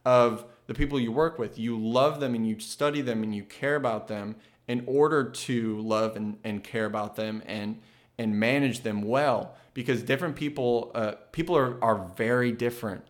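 An earnest man in an ordinary middle register shares his thoughts in a casual, reflective monologue. He thinks aloud and often restarts his sentences. He grows lively when he tells a story. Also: medium pitch, moderate pace.

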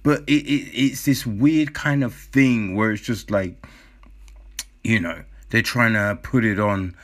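A man's voice: on the low side, takes it slowly. A man casually commenting on a nature documentary, swearing a lot and asking rhetorical questions.

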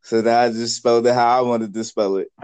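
A man's voice: medium pitch, fairly even intonation, fast, a little mellow, smooth, no room sound. A man, a podcast guest chatting casually and telling rambling stories. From New York. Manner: laid-back, rambling storyteller.

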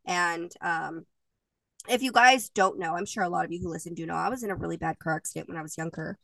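A woman's voice: lowish voice, fast talker, gravelly, fairly bright tone, no echo, distant mic. A woman in her thirties, co-hosting a podcast and telling stories in a chatty, emotional way, laughing often. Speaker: podcast co-host. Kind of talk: casual chat.

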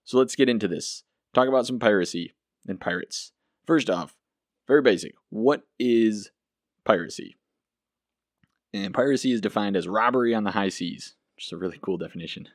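Low-voiced, enthusiastic male podcast host. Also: moderate pace, dry recording, studio quality. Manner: chatty and enthusiastic, self-deprecating. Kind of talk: casual solo podcast.

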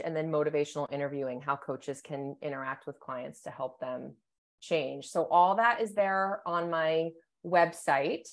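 A middle-aged woman speaks as a psychologist guest on a podcast, her voice sitting on the lower side. She explains at length in a measured, thoughtful way, often checking in with her listener. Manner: thoughtful, explanatory, many "you know" and "right?". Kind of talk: podcast interview.

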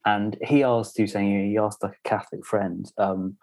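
Man, young adult, low voice, casual podcast banter, rambling. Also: flat delivery, moderate pace, few pauses, a little mellow. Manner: rambling, filler-heavy banter. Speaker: podcast co-host. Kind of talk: casual chat.

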